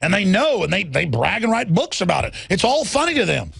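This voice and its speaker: A man's voice: high-pitched, huge pitch swings, brisk, vocal fry, few pauses, a bit bright, breathy edge, faint music behind. A man hosting a talk radio show, ranting in a rambling, heated way with many fillers and restarts.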